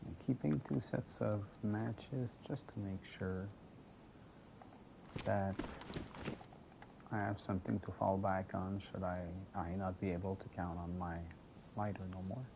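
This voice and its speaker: A man with a low, gravelly voice rambles through casual gameplay commentary, joking and repeating his words. He takes his time, and a steady noise hum sits under the recording. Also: measured pace, long pauses, highs cut off. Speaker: game streamer. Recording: noisy with steady background hum.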